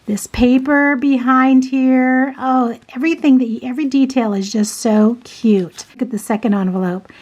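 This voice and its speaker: A woman chatting casually to her viewers as she unboxes craft mail, gushing and excited, with frequent gasps and exclamations. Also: sits high, moderate pace, hardly any pauses. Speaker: craft vlogger.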